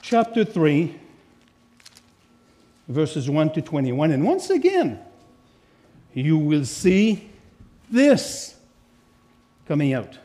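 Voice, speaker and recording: A middle-aged man with a notably high-pitched voice, preaching a sermon to a church congregation as guest speaker. He is animated and playful, reading scripture aloud and stopping to add emphatic asides and jokes. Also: extremely slow, pauses often. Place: church sanctuary.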